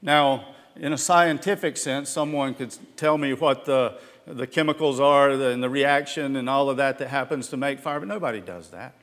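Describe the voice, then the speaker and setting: A man's voice: mid-range voice, moderate pace, fairly bright tone, long reverb tail. A man preaching a sermon as pastor, earnest and emphatic, often restarting his words.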